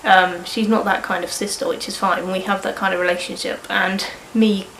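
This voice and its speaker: In this frank personal vlog, a sniffly woman in her early twenties with a cold rambles and swears offhandedly. She speaks at normal speed in a steady, mid-range, fairly bright voice. A rough recording with an echoey room and a little hiss or hum.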